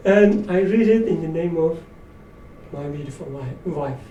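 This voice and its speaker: A man talks through scripture in a relaxed, thoughtful way and pokes fun at himself as he goes. His voice is soft and mellow. He sits some way off from the mic in an echoey room with a faint hum behind him. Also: fairly high pitch, measured pace. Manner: reflective, self-deprecating with light laughs. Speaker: study circle leader. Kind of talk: informal religious study talk. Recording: roomy echo, distant mic, faint room noise.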